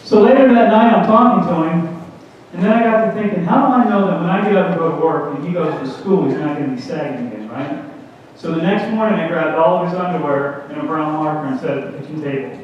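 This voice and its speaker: A man with a high voice does stand-up comedy on a community theatre stage. He slips into quick put-on voices for his wife and kids, jumping even higher for them. The sound is dull and heard from far off, with heavy echo filling the hall. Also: a little hiss or hum.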